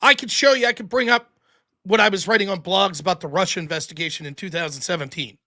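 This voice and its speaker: A man's voice: high voice, fast talker, bright, forceful tone. A man hosting a livestream, ranting angrily about politics, swearing often and firing off rhetorical questions. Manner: angry, profane, rhetorical questions. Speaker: livestream host. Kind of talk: profane political rant on a livestream.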